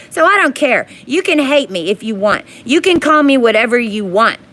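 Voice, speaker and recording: A woman in an angry, profane monologue to her viewers, rising into yelling. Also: high voice, lively intonation, moderate pace, hardly any pauses.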